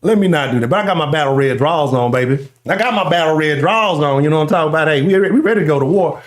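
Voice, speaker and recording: A man with a Houston accent hosting a live sports talk stream, ranting loudly and profanely while reading the chat. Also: fairly high pitch, animated, fast talker, reverberant. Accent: Houston Texas. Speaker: sports talk show host.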